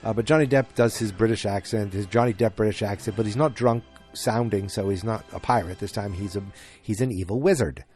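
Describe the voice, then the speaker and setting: A man's voice: on the low side, a little fast, darkish tone, soft background music. A man hosting a podcast, casually recapping a film in a rambling way with lots of fillers and restarts. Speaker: podcast host.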